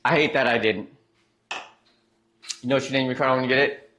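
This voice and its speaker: A man's voice: medium pitch, fairly even intonation, brisk, heavy background noise. A man streaming live, chatting casually and reading out chat messages, trailing off and restarting as he goes.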